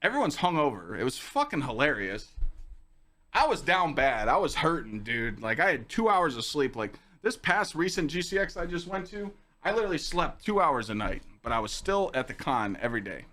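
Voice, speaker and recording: A young man hosting a casual podcast stream, telling stories to chat in a lively, swearing, animated way. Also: a little high, normal speed. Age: young adult. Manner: animated, swearing, acts out quoted lines in a raised voice. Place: home streaming room with dog on lap.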